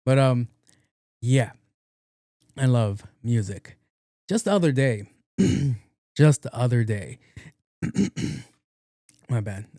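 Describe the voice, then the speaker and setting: A man's voice: medium pitch, animated, drawn-out words, pauses often, dark tone, no echo, studio quality. A man hosting his own podcast alone, chatting casually in a rambling, slangy and profane way, recorded at home. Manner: rambling, slangy and profane, breaks into sung snippets. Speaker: podcast host. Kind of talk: casual solo chat. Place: home room with windows open.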